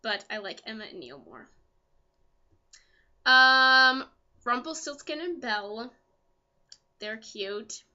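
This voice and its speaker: A young woman vlogger chatting casually as an excitable fan, full of ums and asides. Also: fairly high pitch, slow pace, pauses often, muffled recording. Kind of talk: casual chat.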